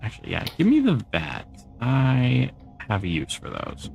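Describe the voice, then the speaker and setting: A man's voice: medium pitch, huge pitch swings, moderate pace, gravelly, darkish tone, highs cut off, faint music behind. A middle-aged man streaming a game, chatting casually and answering viewer comments as he plays. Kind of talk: casual gameplay chat.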